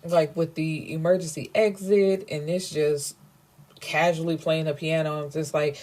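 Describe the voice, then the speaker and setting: A woman's voice: sits low, normal speed, a little mellow. A woman casually retelling a novel's plot, acting out the characters' lines and filling her talk with "you know". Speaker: book reviewer. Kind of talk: casual book recap.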